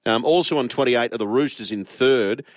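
A man's voice: medium pitch, moderate pace, dry recording. An Australian man hosting a sports radio show, bantering with co-hosts and reading out the league ladder in a teasing way. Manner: teasing, reads out ladder standings.

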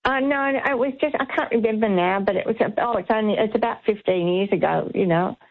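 A woman's voice: mid-range voice, fast. A woman calling in to a radio show, reminiscing in a hesitant way with frequent fillers. Her voice comes through with slightly muffled audio. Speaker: caller. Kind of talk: reminiscing phone-in chat.

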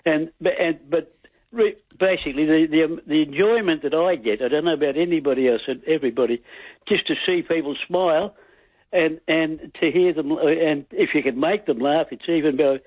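Rambling husky male caller on phone. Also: fairly high pitch, brisk, no room sound. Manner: rambling, many restarts and stammers. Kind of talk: phone-in chat and joke telling. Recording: tinny phone line.

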